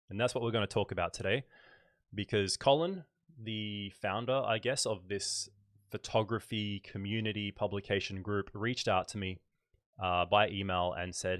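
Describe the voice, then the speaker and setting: A man with a light Australian accent talks casually to his livestream viewers. His voice sits fairly low and sounds close and dry. He thinks aloud as he goes, with easy fillers along the way. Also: fairly even intonation, normal speed, fairly bright tone, no room sound. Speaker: photography YouTuber hosting a livestream.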